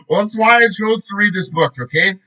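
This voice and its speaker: A man's voice: high voice, bright, forceful tone, rough recording. A man reading a book aloud in a casual way, often breaking off to joke, swear and laugh.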